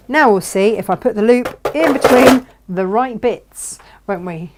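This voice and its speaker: Over the sound of a sewing machine, a sewing vlogger chats through a tutorial, narrating each step with self-mocking asides. Her voice is fairly high, animated and a little mellow, at a moderate pace with few pauses and slight background noise.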